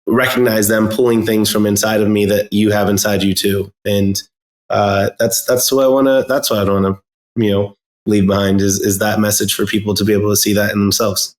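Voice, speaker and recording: A man speaking earnestly as a podcast guest, halting and restarting often. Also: on the low side, echoey room. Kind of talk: casual interview talk.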